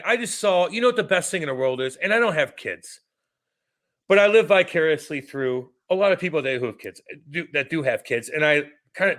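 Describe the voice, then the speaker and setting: A man in his thirties co-hosting a podcast, telling stories in a profane, animated, casual way. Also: on the high side. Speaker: podcast co-host. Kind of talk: casual chat.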